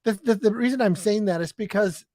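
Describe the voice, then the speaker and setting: A man's voice: sits high, fairly quick, darkish tone. A man hosting a podcast, talking casually in a rambling way with many restarts. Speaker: podcast host. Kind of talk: casual conversation.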